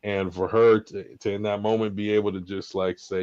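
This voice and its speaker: A middle-aged man co-hosting a podcast, telling a story in a casual, lively way and acting out what people said. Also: on the low side, moderate pace, few pauses, smooth, no echo. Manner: lively, animated storyteller who acts out quotes. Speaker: podcast co-host. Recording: slightly dull lo-fi audio, dry.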